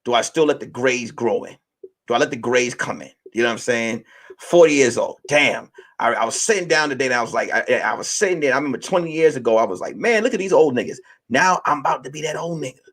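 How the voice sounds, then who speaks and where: Animated, profane man in his late thirties. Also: mid-range voice, fast. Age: late 30s. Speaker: podcast host. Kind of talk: casual monologue to listeners.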